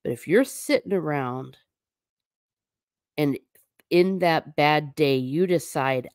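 Woman, livestream host, low voice, chatty musing with a stern teacher edge, dry close sound. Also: slow, pauses often, a little mellow, no room sound. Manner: chatty, answers viewer comments, occasional stern teacher tone.

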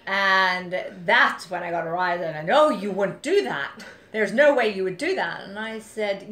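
A woman investor telling a story in an interview, acting out the dialogue and building to forceful emphasis. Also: medium pitch, unhurried, few pauses. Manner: animated, quotes others in dialogue, rises to forceful emphasis. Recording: echoey room with faint ambient noise.

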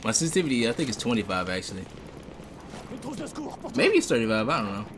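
A man streaming live gameplay, talking casually, excitable and swearing a lot, sometimes making gun-sound noises. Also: lowish voice, quick pace. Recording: game noise under the voice. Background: loud game sound effects.

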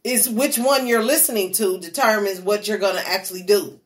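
A woman's voice: mid-range voice, normal speed. Woman giving life advice. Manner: preachy, gives advice. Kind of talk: casual chat.

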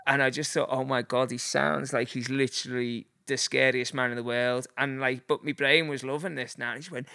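This man, in his forties and from Liverpool with a Scouse accent, is a guest spinning casual, rambling stories full of fillers, acting out voices as he goes. His mid-range, pushed, bright voice has vocal fry and fairly even intonation, moving fairly quickly with few pauses. The studio-quality recording is dry.

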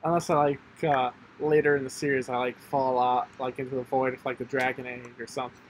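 A man's voice: mid-range voice, little pitch movement, fairly quick, slight background noise, rough recording. A man hosting a casual gameplay chat, rambling with lots of fillers, restarts and frequent laughs. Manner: rambling, hesitant, laughs often. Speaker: channel host and player.

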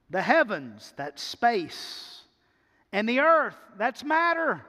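High-voiced emphatic male pastor preaching. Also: sing-song, very slow, long pauses, bright, forceful tone, big-room sound. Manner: emphatic, repeats words for build-up. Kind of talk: sermon. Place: church sanctuary.

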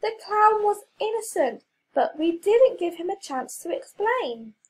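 A woman's voice: extremely high pitch, measured pace, voice pushed up, exaggerated voice, rough recording. A woman voicing an eager, earnest young superhero girl in a children's story. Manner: excited and earnest.

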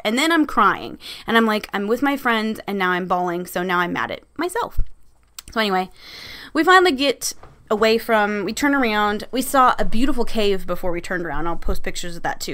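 A woman's voice: medium pitch, bright, forceful tone. A woman vlogger casually telling a story about her vacation, candid and laughing, swearing freely.

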